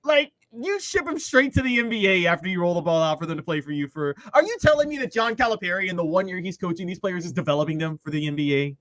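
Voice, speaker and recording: High-voiced, sarcastic sports co-host. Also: male voice, dry recording. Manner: animated, sarcastic, quick to tease. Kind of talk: sports talk show chat.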